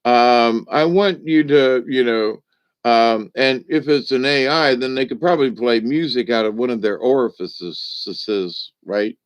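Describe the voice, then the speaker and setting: A man's voice: medium pitch, measured pace, clear, resonant tone, no room sound. An older man rambling through a casual monologue, joking and laughing often as he talks. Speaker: spiritual vlogger. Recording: dull lo-fi, dry.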